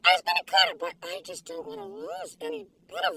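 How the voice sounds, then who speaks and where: A woman's voice: extremely high pitch, animated, fast, vocal fry, pushed and bright, far from the mic, a little hiss or hum, low-quality recording. An older woman reviewing food in a casual video, gushing, giggly and full of exclamations, recorded in her car. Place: inside a parked car.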